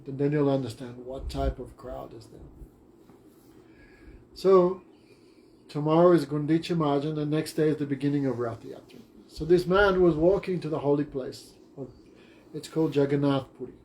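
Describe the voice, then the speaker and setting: Higher-voiced man telling a story in class. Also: a little mellow, slight background noise. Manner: simple, short-phrased retelling. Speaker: teacher.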